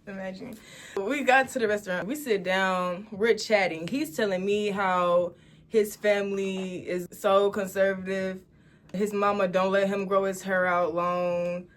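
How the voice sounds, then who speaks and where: A woman in her twenties from Dallas, telling a casual storytime to her viewers with animated, dramatic delivery. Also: medium pitch, measured pace. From Dallas, Texas, USA. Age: 20s. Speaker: storytime vlogger.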